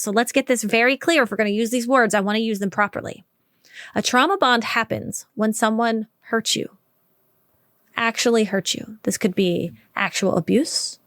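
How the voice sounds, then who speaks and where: A woman hosting a relationship advice podcast, talking straight to listeners in a direct, conversational way and slowing down for emphasis. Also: a little high, no room sound, clean studio sound. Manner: warm, direct, conversational with slow emphatic stretches. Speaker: podcast host. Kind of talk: solo podcast advice talk.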